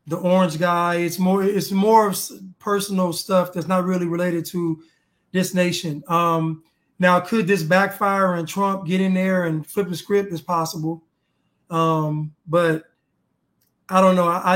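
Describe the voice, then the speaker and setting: A man in casual political chat, an animated storyteller who acts out dialogue and talks casually with many restarts. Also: high voice.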